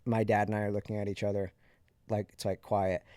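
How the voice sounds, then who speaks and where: A man's voice: on the low side, level tone, a little fast, dark tone, no echo, studio quality. A man in his thirties, a podcast host, candidly and reflectively telling a personal story in a conversational way.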